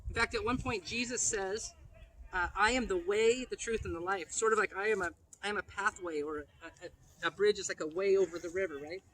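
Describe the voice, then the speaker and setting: A high-pitched man gives a playful children's message, quizzing the young listeners and joking with them. His voice sits well above the usual male range. The recording is noisy, with a steady hiss of room sound underneath. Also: brisk. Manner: playful, asks kids questions. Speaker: pastor.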